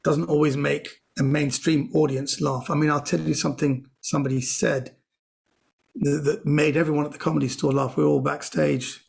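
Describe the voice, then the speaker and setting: A man telling comedy anecdotes in a podcast interview, lively and full of quoted voices. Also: on the high side, moderate pace, vocal fry. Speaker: comedian guest.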